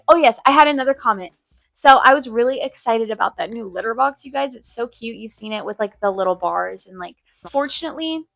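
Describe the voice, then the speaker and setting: A woman's voice: mid-range voice, a bit bright, dry recording. A young woman from Arizona chatting casually to viewers in a pet vlog, rambling with fillers and often a little out of breath. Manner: chatty, rambling, with many fillers and self-corrections. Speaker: pet vlogger.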